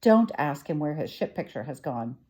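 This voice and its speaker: A woman's voice: sits low, big pitch swings, normal speed, warm tone. A woman reading aloud from a storybook, voicing an eager young girl who pleads. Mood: pleading.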